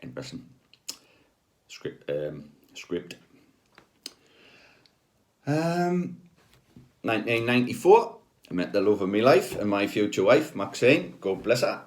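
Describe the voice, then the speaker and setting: A man's voice: fairly low pitch, big pitch swings, slow, pauses often. A middle-aged man, a healer telling personal stories in a chatty, rambling way with many ums and asides. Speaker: spiritual healer. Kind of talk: casual anecdotal storytelling.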